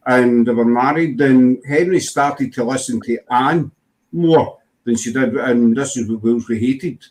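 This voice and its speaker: A man's voice: mid-range voice, unhurried, a little mellow. Glaswegian man chatting casually. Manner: rambling, full of fillers and restarts. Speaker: host. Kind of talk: casual chat.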